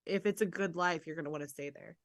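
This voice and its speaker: Female co-host, excitable casual chatter, dry recording. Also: on the low side, quick pace, dry recording. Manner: excitable, swears casually, restarts often. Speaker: podcast co-host. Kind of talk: casual chat reviewing a TV episode.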